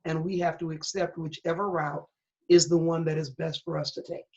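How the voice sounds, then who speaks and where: A woman's voice: sits low, flat delivery, normal speed, darkish tone. Earnest middle-aged woman, dull lo-fi sound. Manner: candid, earnest storytelling with a preacher's emphasis. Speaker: pastor and guest. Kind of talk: personal testimony in an interview. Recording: dull lo-fi recording.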